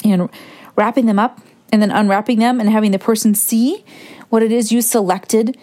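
A woman hosting a reflective solo podcast, talking in a gentle, musing way and wandering into asides. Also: a little high, fairly even intonation, normal speed. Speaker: podcast host.

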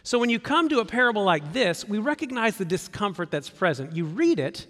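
Animated pastor with a lively high voice. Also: male voice, moderate pace, big-room sound. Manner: conversational, animated, acts out quoted voices. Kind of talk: sermon.

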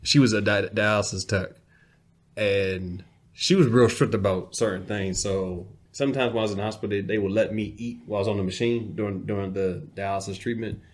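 A man's voice: on the low side, brisk. A man co-hosting a podcast, telling stories in casual chat and acting out the people he quotes. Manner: animated storyteller, quotes people in acted voices. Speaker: podcast co-host.

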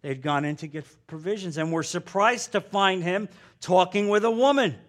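A male preacher delivers a sermon in a fairly high voice. He speaks fervently and with emphasis, drawing out key phrases for effect. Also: normal speed.

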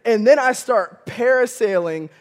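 A young male campus pastor from Michigan, preaching a sermon with animated storytelling, often chuckling and calling out to the congregation. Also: extremely high pitch, a little slow. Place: church auditorium.

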